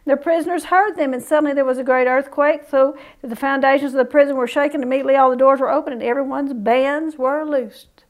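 Bible teacher, female, high-pitched, folksy and chatty between readings. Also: fairly even intonation, quick pace, hardly any pauses. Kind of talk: Bible study reading scripture with casual asides.

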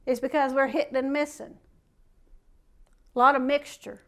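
High-voiced woman preaching a folksy sermon. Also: fairly even intonation, normal speed. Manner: reads scripture aloud, then breaks off to preach in folksy asides.

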